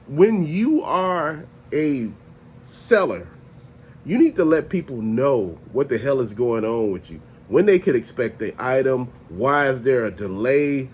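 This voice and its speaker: A man hosting a casual vlog, ranting in an animated, profane, conversational way and often laughing as he talks. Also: mid-range voice, a little slow, husky. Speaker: toy channel host.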